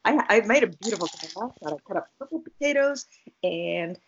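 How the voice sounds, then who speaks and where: A woman's voice: mid-range voice, animated, a little fast, slight background noise. A woman co-hosting a podcast, telling rambling everyday stories in a casual chat and laughing often. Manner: rambling storyteller, laughs a lot. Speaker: podcast co-host. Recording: dull lo-fi sound.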